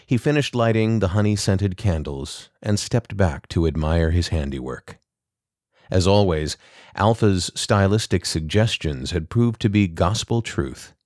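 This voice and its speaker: A man narrating a short story in a measured, even delivery. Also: low voice, no echo, clean studio sound.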